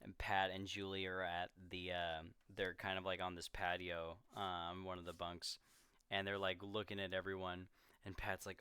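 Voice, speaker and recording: A young man co-hosting a casual film discussion, animated and acting out characters' lines as he retells scenes. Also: deep voice, moderate pace, clean tone, dry recording. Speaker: podcast co-host.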